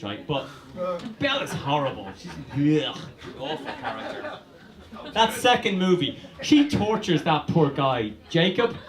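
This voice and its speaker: Crude stand-up comedian, high voice. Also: male voice. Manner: crude, rambling, animated with mock voices. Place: comedy club stage. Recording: echoey club room.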